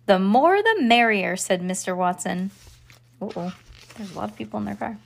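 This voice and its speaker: A woman's voice: medium pitch, expressive, normal speed, creaky. A woman hosting a children's podcast, reading a storybook aloud with playful character voices and chatty asides.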